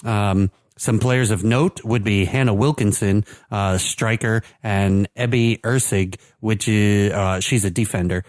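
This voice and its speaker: A man's voice: lowish voice, steady tone, a little slow, hardly any pauses, no room sound. Chatty man, dry close sound. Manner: chatty, many fillers and restarts. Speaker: podcast co-host. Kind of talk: casual sports chat.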